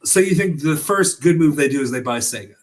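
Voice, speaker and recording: Lively, measured man on a podcast. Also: on the high side. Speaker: podcast co-host. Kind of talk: casual podcast chat.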